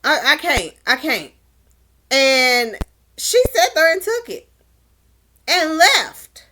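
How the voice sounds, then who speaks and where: A woman's voice: high-pitched, sing-song, slow pace, noisy background. A woman recapping a dating show in a casual vlog, blunt and exclaiming, with slangy asides. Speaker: show reviewer.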